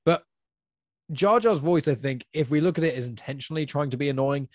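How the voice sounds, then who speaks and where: A man chatting casually on a podcast, giving strong opinions with quick bursts of speech. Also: a little high, darkish tone, no room sound, clean studio sound. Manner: opinionated, spurts of fast talk. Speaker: podcast guest.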